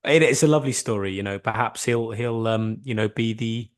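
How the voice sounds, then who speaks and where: A man's voice: fairly low pitch, fairly quick. A man in his thirties co-hosting a casual podcast, teasing his friend in friendly banter and laughing easily. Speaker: podcast co-host.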